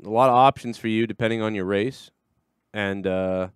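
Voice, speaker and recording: A man's voice: on the low side, moderate pace, clean tone, no room sound, studio quality. A man hosting a livestream show, talking casually and crudely, rambling and swearing often. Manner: rambling, crude, swears a lot, acts out voices.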